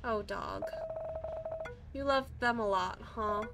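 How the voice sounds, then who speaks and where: A woman reading a gentle, reassuring guide. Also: medium pitch, takes it slowly, over loud music.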